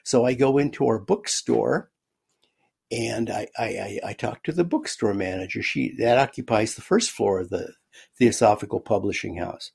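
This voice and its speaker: A man, a guest author in an interview, recounting a personal story in a halting way, often repeating words as he goes. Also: on the low side, lively intonation, gravelly, a little mellow, breathy edge.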